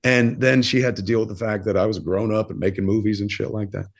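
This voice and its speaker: A man's voice: lowish voice, fairly even intonation, quick pace. A man in his fifties, a filmmaker and podcast guest, telling a personal story in a candid, rambling way, swearing freely and using plenty of fillers. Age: 50s. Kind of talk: casual interview storytelling.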